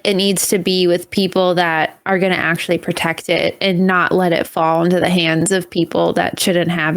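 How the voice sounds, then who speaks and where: A woman's voice: fairly low pitch, no echo, clean studio sound. A woman who is a tabletop game player, talking earnestly and casually about the campaign with many fillers.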